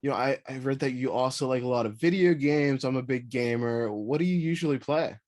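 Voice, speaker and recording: A man's voice: medium pitch, a little fast, darkish tone. Chatty male interviewer, full of fillers. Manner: chatty and upbeat, with many "like" and "you know" fillers. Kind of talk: casual video interview.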